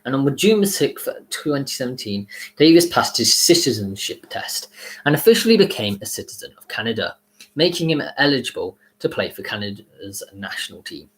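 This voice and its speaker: A man's voice: mid-range voice, big pitch swings, normal speed, poor audio. A man presenting a casual video, reading facts with frequent stumbles and self-corrections. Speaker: YouTuber. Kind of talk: casual video commentary read from notes.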